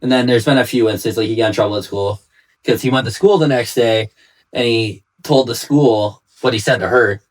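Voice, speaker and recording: A man's voice: medium pitch, brisk, low-quality recording. A man and father in a casual podcast chat, telling stories in a loose, rambling way full of fillers. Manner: rambling storyteller, heavy use of "like".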